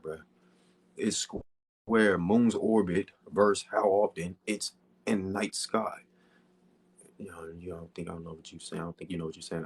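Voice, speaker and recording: A man's voice: low-pitched, slightly rough. A man hosting a casual livestream, answering viewer comments in a laid-back, slangy way with lots of filler questions to his audience. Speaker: livestream host.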